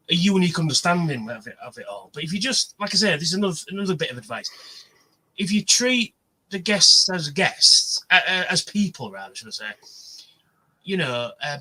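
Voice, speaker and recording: Man, casual livestream host, rambling storyteller, bright tone. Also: a little high, animated, moderate pace, husky, rough recording. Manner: rambling, chatty storyteller with many fillers. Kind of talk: casual chat. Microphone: livestream mic.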